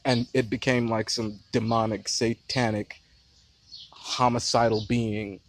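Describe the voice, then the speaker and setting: A man's voice: mid-range voice, flat delivery, measured pace, dry recording. Man in his late twenties ranting profanely. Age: late 20s. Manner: passionate, profane, rambling. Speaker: movie reviewer. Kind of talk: casual rant-style review. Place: outdoors near a beehive.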